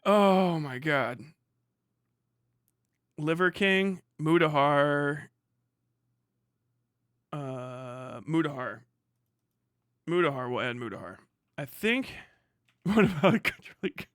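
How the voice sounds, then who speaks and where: A man's voice: fairly high pitch, takes it slowly, pauses often, clean tone, dry recording, studio quality. A man streaming live, chatting casually, swearing constantly and laughing often. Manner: profane, excitable, laughs often.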